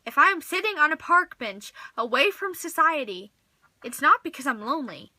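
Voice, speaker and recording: Teen girl vlogger, high bright voice, theatrical exasperation, dry close sound. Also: very animated, moderate pace, no echo. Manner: dramatic, exasperated, acts out little scenes. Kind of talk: comedic vlog monologue.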